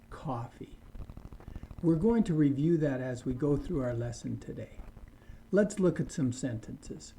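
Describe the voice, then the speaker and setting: A man teaching an online English lesson, speaking slowly and deliberately and repeating words for learners to copy. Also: medium pitch, mellow, a little hiss or hum, low-quality recording.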